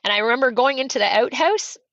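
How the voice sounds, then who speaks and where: A middle-aged woman from Canada, a coach, telling a personal story on a podcast with high energy and fervent emphasis. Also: fast, fairly bright tone, no room sound, highs cut off. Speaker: real estate coach and guest. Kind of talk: emotional storytelling in a podcast interview.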